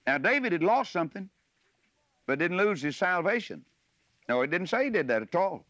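A man preaching a sermon, slipping from homely asides into lifted, ringing scripture. His voice sits a little high and swings widely in pitch. The recording is dry and close, with a dull, lo-fi sound. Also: sing-song, brisk, no echo. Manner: folksy asides that swell into loud preaching on scripture.

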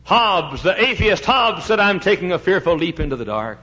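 A man, a pastor, preaching a fiery sermon in a church, shouting one moment and dropping to a hush the next. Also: sits high, very animated, moderate pace. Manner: fiery preaching, swings from shouts to hushed tones. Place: church sanctuary. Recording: dull lo-fi recording.

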